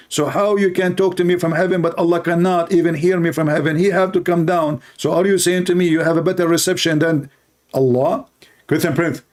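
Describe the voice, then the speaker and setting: A Christian apologist from the Middle East, whose first language is Arabic, delivers mocking debate commentary with blunt sarcasm. He speaks briskly in a high-pitched voice with a darkish tone.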